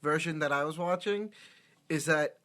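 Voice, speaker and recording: A man's voice: fairly high pitch, normal speed, a bit bright. A man co-hosting a podcast in casual chat, with laid-back, chuckling asides. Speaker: podcast co-host.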